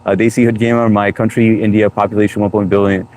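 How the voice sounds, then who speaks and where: A man's voice: fairly low pitch, little pitch movement, fast, darkish tone, slight background noise. A man hosting a casual live stream, joking around and greeting viewers by name as he reads their comments. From United States. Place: home room, New York.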